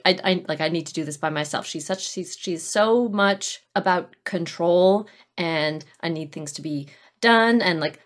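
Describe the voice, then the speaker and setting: A woman co-hosting a casual podcast, thoughtful and halting, often restarting her sentences. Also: medium pitch. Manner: thoughtful, hesitant, many restarts and "like". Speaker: podcast co-host. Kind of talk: casual chat.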